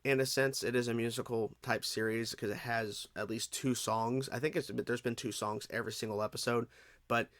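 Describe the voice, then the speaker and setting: A man hosting a reaction video gives casual, rambling commentary with lots of restarts. His voice is bright and forward, recorded close and dry. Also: medium pitch, steady tone, moderate pace, dry recording. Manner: rambling, many fillers and restarts.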